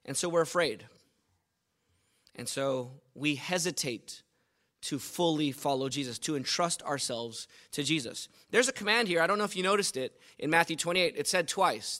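Bright high-voiced male pastor preaching. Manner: asks the congregation questions, emphatic repetition. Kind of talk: sermon.

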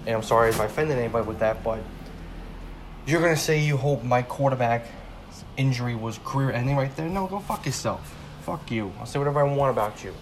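A man's voice: medium pitch, fairly even intonation, fast, a little hiss or hum. A twenty-year-old man ranting casually about a football game, heated, swearing often and repeating himself as he rambles. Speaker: sports fan vlogger.

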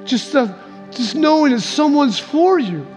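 A man's voice: lively intonation, unhurried, darkish tone. A male pastor telling a personal story in a sermon, acting out what people said with big swings in voice. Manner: storytelling, acts out quotes with big swings in pitch. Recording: echoey hall with faint music.

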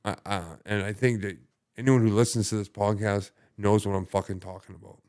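Speaking fairly quickly in a low, steady, slightly mellow voice, a young podcast guest recounts his recovery in casual talk. He rambles, swears a lot, and leans on many fillers.

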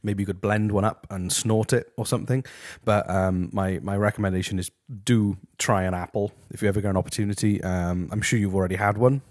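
Low-voiced guy rambling deadpan at home, dry close sound. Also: brisk, hardly any pauses, dry recording. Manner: deadpan, rambling, many ums. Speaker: host. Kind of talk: deadpan comedic review. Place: his house, walking to the kitchen.

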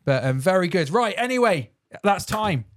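A man's voice: sits high, sing-song, normal speed, dry recording. A man hosting a podcast, upbeat and jokey, laughing often. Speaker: podcast host. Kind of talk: casual chat.

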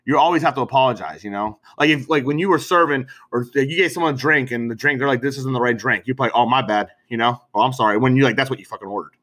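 A man's voice: mid-range voice, quick pace, few pauses. A man in casual podcast chat, swearing freely and laughing through his stories. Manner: profane, laughing, animated storytelling.

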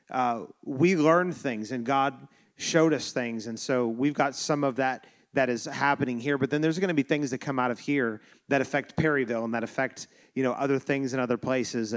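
A man preaching a sermon as pastor, loose and joking, with many restarts. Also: mid-range voice. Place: church sanctuary.

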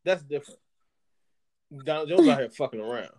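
Man, podcast co-host, casual banter, laughs a lot, reads lyrics deadpan. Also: a little high, fairly quick. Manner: animated, laughing, reciting lyrics in a flat mock-serious tone. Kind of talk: casual chat, reading song lyrics aloud.

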